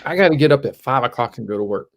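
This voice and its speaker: A man's voice: medium pitch, expressive, very fast. A man joining a casual late-night live stream as a guest, bantering playfully and poking fun at himself. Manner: playful, self-mocking banter.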